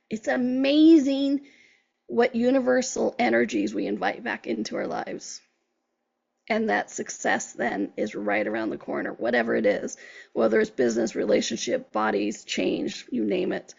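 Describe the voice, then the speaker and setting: Female podcast host and life coach, earnest motivational delivery, raspy with heavy vocal fry, on a dull recording. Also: on the high side, darkish tone. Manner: earnest, encouraging, quotes herself and clients in conversation. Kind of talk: motivational talk.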